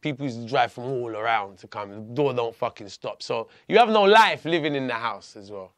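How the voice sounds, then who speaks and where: A man, telling a story as a podcast guest in a lively, profane way. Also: medium pitch, fairly quick, no room sound, clean studio sound. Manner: animated, profane, laughing storyteller. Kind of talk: storytelling in conversation.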